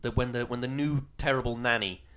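A male podcast co-host in casual film chat. He talks in loose, rambling runs and laughs often, with animated bursts. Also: medium pitch, a little fast.

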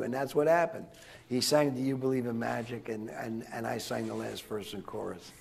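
Older guy with a gravelly voice, rambling war stories for a room of students, keeps restarting sentences. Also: mid-range voice, fairly even intonation, normal speed, a little mellow. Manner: chatty, digressive, frequent restarts and chuckles. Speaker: guest speaker. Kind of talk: rambling anecdotal storytelling to students. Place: in front of a live audience.

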